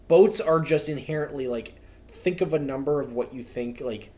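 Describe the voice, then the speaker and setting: A man's voice: mid-range voice, measured pace, warm tone. A young man co-hosting a podcast, telling rambling stories in casual chat, heavy on fillers like "like". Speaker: podcast co-host.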